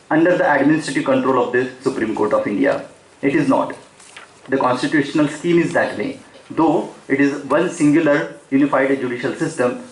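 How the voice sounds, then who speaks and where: A man giving an unscripted academic lecture at a seminar, with frequent fillers and self-corrections. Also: mid-range voice. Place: seminar hall. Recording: echoey hall.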